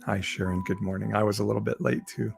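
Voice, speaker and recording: A man from California leading a slow, soothing guided prayer meditation on a livestream, greeting viewers by name as he goes. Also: fairly low pitch, flat delivery, vocal fry, soft background music.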